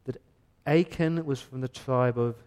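A man's voice: mid-range voice, measured pace, a little mellow, clear, resonant tone. A male pastor preaching an earnest, emphatic sermon in a church, often repeating words as he builds his point.

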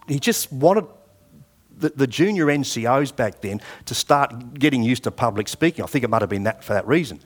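An Australian man in his sixties preaches a sermon, weaving in personal stories conversationally and acting out past dialogue. His medium-pitched voice is expressive and slightly rough, at a normal speed.

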